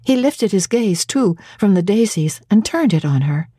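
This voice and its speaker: Husky, mellow woman reading a classic novel. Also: mid-range voice, no echo, clean studio sound. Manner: measured and expressive. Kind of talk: dramatic audiobook reading.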